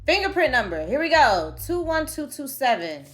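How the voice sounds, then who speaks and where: A woman's voice: sits high, big pitch swings, normal speed, a bit bright. A woman streaming gameplay, reading the game text aloud and chatting straight to her viewers. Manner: chatty, addresses viewers directly; reads game text aloud then reacts. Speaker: gaming streamer. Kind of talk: gameplay commentary.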